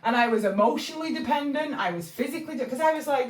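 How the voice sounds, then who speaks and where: A woman's voice: sits high, expressive, quick pace, few pauses, distant mic. A woman from England talking casually and rambling about spiritual life lessons, with lots of fillers and restarts. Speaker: channel host. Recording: echoey room, voice somewhat off-mic.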